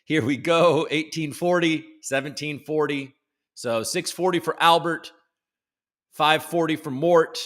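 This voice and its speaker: A man's voice: a little high, fairly even intonation, a little slow, fairly bright tone. A man from the United States hosting a casual live stream from home, joking loosely and greeting chat viewers by name. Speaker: livestream host.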